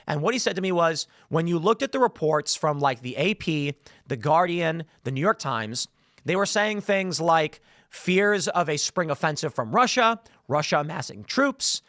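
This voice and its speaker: Male commentary host, sarcastic and animated, lively pitch, dry close mic. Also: no room sound. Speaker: show host. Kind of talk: political commentary monologue.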